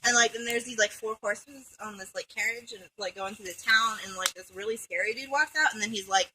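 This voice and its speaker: A woman's voice: medium pitch, fast, few pauses, sharp tone, slight background noise, poor audio. A young woman retelling a film plot to her friends, rambling and irreverent, with swearing and lots of fillers. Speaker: storyteller among friends. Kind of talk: casual comedic plot retelling.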